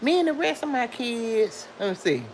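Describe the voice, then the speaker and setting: A middle-aged woman hosting a casual livestream, chatting loosely and reading viewer comments aloud in a lively voice that swoops high for emphasis. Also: moderate pace, slight background noise, rough recording.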